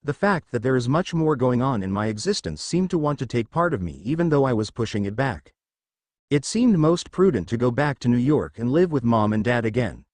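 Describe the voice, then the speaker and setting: Man narrating a story, lively pitch. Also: a little fast, no echo. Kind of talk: first-person fan fiction reading.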